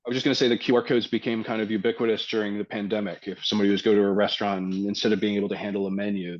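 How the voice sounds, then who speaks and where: A man from Canada, a poet and filmmaker, talking thoughtfully in an interview with frequent ums and pauses. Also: lowish voice, highs cut off. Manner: reflective, hesitant with many ums. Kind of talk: casual interview talk.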